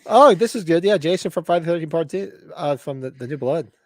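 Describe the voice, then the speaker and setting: A middle-aged man co-hosting a podcast in loose, casual chat. His pitch jumps around a lot as he laughs and talks through tangents. The sound is dry and close, with almost no room. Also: fast talker, dry recording. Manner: animated, laughing, trails into tangents. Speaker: podcast co-host.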